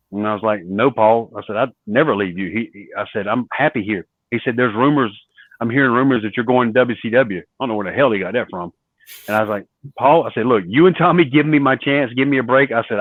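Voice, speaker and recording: A man's voice: medium pitch, dry recording. Storytelling man on a tinny line. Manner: animated storyteller acting out quoted dialogue. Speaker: guest, former wrestler. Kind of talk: storytelling interview. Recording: dry, phone-like narrow sound.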